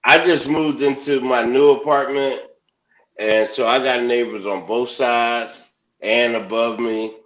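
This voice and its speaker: A man's voice: mid-range voice, fairly even intonation, unhurried, fairly bright tone. A man hosting a comedy talk show, chatting loosely, laughing, and acting out lines in a raised voice. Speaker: host. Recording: dull, roomy sound.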